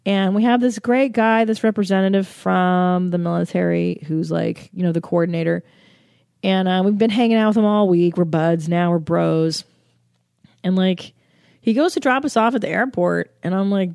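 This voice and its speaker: A woman's voice: on the low side, moderate pace, gravelly, a little mellow, clean tone, dry recording, studio quality. A young woman comedian telling a travel story with lots of swearing and self-mocking jokes. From United States. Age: young adult. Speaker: comedian and podcast host. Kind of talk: comic storytelling.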